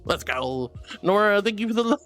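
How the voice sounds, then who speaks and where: A woman live-streaming, gushing affectionately and giggling as she thanks her viewers in a soft, sweet way. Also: medium pitch, animated, normal speed, soft background music. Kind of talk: casual live-stream chat.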